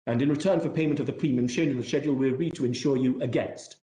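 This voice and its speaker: Male barrister, mellow voice, measured courtroom submission, echoey room. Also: mid-range voice. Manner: formal, measured, self-deprecating, courteous.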